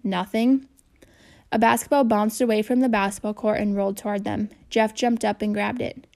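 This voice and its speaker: A woman reading a children's novel aloud, steady and even in her storytelling. Her voice sits at an ordinary middle pitch with a noticeable gravelly fry. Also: a little fast. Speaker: audiobook reader.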